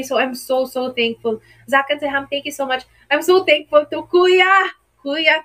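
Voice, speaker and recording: A woman's voice: sits high, bright, forceful tone, low-quality recording. A young Filipino woman with a Filipino accent, chatting emotionally on a live stream and mixing Tagalog into her English. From Philippines. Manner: emotional, mixes Tagalog into English, greets viewers. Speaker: livestreamer. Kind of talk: casual live stream chat.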